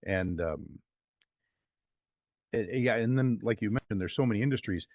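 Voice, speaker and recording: A voice-over artist talking casually in an interview, upbeat and rambling with plenty of fillers. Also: male voice, on the low side, moderate pace, dry recording, lo-fi sound.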